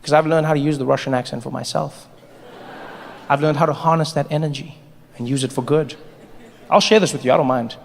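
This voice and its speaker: A man performing a stand-up comedy set, animated and playful, on a large theater stage. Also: on the high side, brisk, gravelly, long pauses. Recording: long hall reverb, faint noise.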